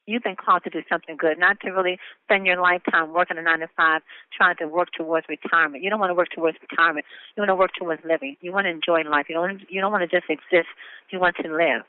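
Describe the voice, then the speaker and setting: A man's voice: high voice, steady tone, fast, clean tone, no room sound. A man hosting a motivational conference call, upbeat and encouraging in a sermon-like way. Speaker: host. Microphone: phone. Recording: phone line.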